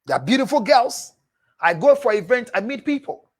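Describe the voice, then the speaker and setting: A husky male counselor who lectures his viewers in an emphatic, preachy tone. His pitch swings widely as he leans on repeated lines for stress. He calls his listeners "my dear" as he answers their messages one by one. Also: sing-song, moderate pace. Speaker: relationship counselor. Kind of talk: live show reading viewer messages.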